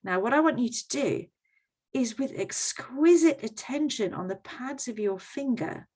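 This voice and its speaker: A woman's voice: fairly high pitch, animated, a little slow, a little mellow, breathy edge. A woman presenting a workshop in a conversational teaching style, often checking in with her audience.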